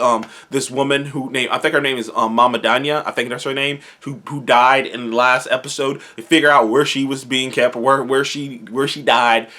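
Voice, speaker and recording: A man giving a casual spoken review of a TV episode, rambling and excited, often restarting and correcting himself. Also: medium pitch.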